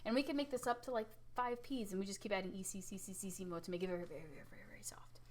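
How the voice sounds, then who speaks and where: A woman music teacher giving a casual recorded lesson, lively and chatty, often asking "right?" and showing loud and soft with her own voice. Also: medium pitch, racing.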